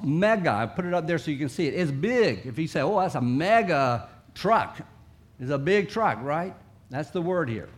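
A man preaching a sermon in a conversational way, sometimes acting out coaxing voices. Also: high voice. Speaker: pastor.

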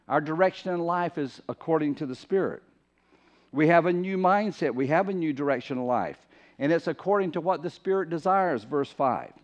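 A male pastor preaching a sermon, slowing down and leaning hard on the words he wants to stress. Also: fairly high pitch, darkish tone. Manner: emphatic, slows down to stress key words. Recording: dull lo-fi sound.

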